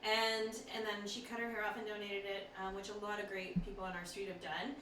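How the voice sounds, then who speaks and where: A woman's voice: mid-range voice, flat delivery, brisk, a bit bright. A woman co-hosting a casual chat about parenting, steering the talk back on track. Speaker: podcast co-host. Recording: roomy, distant mic, faint hum.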